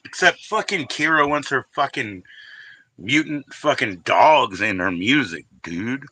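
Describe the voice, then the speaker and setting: A man's voice: mid-range voice, expressive, measured pace, bright, forceful tone, husky, low-quality recording. A man hosting a casual livestream, rambling with lots of swearing about records he is trying to sell. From Washington DC area. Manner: rambling, profane, sings snatches of songs. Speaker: livestream host.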